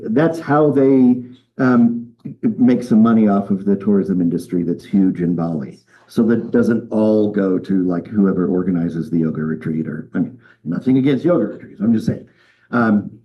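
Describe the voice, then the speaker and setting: A man from the United States leading a live group workshop, relaxed and chatty, with frequent ums and okays. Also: medium pitch, dull audio. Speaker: workshop leader. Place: room with a group of people.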